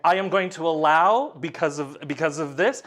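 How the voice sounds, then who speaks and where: High-voiced man running a tabletop game. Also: normal speed. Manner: animated, many fillers, laughs between lines. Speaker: game master.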